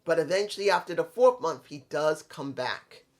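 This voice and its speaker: A man's voice: fairly high pitch, big pitch swings, normal speed. A man talking through a fantasy wrestling storyline in a rambling, self-correcting monologue. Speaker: wrestling fan commentator.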